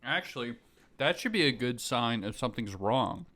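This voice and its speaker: A young man co-hosting a podcast in casual chat, acting out scenes with loud bursts of laughter. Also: mid-range voice, animated, normal speed. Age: young adult. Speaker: podcast co-host.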